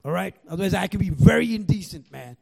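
Gravelly older Indian-accented man. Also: sits high, lively intonation, fast talker, darkish tone. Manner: raw, profane, storytelling with asides to the audience. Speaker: recovery meeting speaker. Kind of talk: personal share to a live audience.

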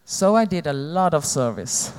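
A woman giving a candid, halting personal testimony about her recovery to an audience. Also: deep voice, sing-song, a little mellow, smooth. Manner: halting, candid, plain-spoken. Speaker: recovering addict sharing her story. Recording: long hall reverb.

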